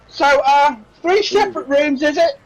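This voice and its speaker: A man's voice: extremely high pitch, normal speed, pitched above the performer's own voice, low-quality recording. A man voicing an impatient, bossy female tavern barmaid. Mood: impatient, snappy.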